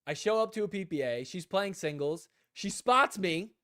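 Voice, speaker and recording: A young adult man hosting a casual live stream, telling animated stories, acting out what people said, and laughing often. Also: on the high side, fairly quick, no room sound, clean studio sound. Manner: animated storyteller, acts out quotes, laughs often. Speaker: host.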